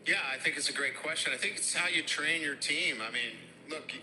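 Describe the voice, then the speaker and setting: A middle-aged man, a head football coach with a Boston and Midwestern accent, answering press conference questions in a halting way with many fillers. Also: fairly high pitch, pushed and bright, slight background noise, low-quality recording. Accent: Boston and Midwestern with some Louisiana. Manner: halting, heavy on fillers and restarts.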